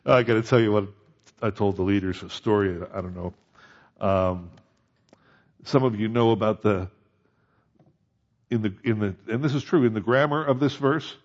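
A man's voice: fairly low pitch, moderate pace, long pauses, darkish tone, muffled recording. Man preaching a conversational sermon. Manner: conversational preaching with rising emphatic peaks. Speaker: pastor.

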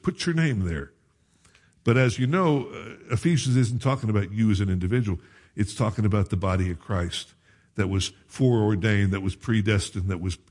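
Male pastor, slightly low and husky voice, conversational preaching with asides. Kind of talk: sermon.

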